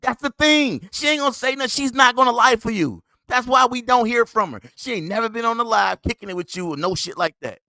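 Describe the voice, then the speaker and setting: High, lively, mocking podcast host man. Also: brisk, hardly any pauses, no echo. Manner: mocking, scolding, laughs at the other man. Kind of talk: heated commentary on a played clip.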